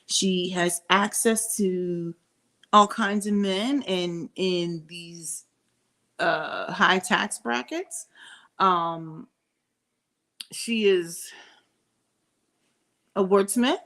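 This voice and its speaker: A woman's voice: fairly low pitch, very slow, long pauses, fairly bright tone. Middle-aged woman ranting casually to camera, opinionated, keeps restarting her thoughts. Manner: opinionated, candid, thinks aloud with many restarts. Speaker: commentary vlogger.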